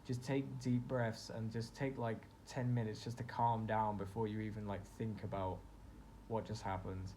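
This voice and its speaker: A man's voice: fairly low pitch, level tone, moderate pace, mellow, slight background noise. A young man telling a personal story in a casual vlog, rambling and full of fillers as he reflects on his own feelings. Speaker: vlogger.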